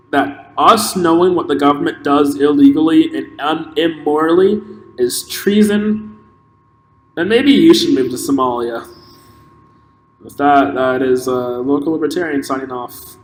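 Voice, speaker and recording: Impassioned man in an echoey room. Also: fairly high pitch. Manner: impassioned, halting with restarts. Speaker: podcast host. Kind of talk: solo opinion monologue. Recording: echoey room with long reverb and faint noise.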